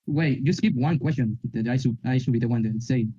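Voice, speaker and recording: A man's voice: medium pitch, fairly quick, warm tone, husky. A man in his twenties co-hosting a casual podcast, stammering and teasing, on a muffled mic. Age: 20s. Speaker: podcast co-host.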